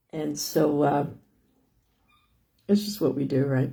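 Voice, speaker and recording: A woman's voice: deep voice, flat delivery, slow pace, vocal fry, long pauses, warm tone. An older woman hosting a live stream, chatting casually and rambling with many restarts and "anyways". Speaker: host of a live stream about living with lung disease.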